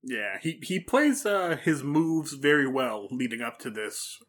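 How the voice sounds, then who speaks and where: Laid back guy, bright sharp voice, lots of yeah right and little jokes. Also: mid-range voice, very animated, measured pace. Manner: easygoing, brief agreeing replies and chuckles. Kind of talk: casual manga discussion.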